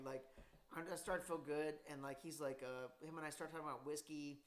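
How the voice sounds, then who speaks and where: A woman's voice: low-pitched, quick pace. A woman hosting a podcast, telling stories with constant swearing and a smoker's laugh. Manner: swears constantly, animated storytelling with acted quotes. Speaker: podcast host. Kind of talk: casual chat.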